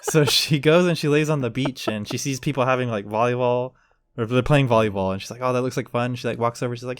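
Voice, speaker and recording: Rambling through a tale on a relaxed podcast he co-hosts, this man brings quoted lines to life with voices. He speaks quickly at medium pitch, and his voice sounds clean with no echo.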